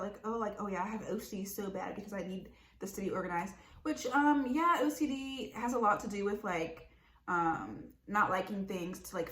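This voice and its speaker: A young woman talking casually to camera about mental health, chatty and full of likes and ums. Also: medium pitch. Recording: roomy echo.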